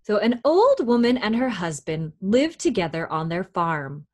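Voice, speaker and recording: A woman children's librarian reading a picture book aloud at storytime, gentle and encouraging toward young children. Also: medium pitch, sing-song, measured pace.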